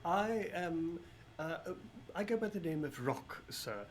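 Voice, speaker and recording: A man's voice: on the high side, animated, slow, voice pushed up. A man voicing a male adventurer who speaks with over-polite, hesitant courtesy, over faint background noise. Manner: overly courteous, hesitant, stammering.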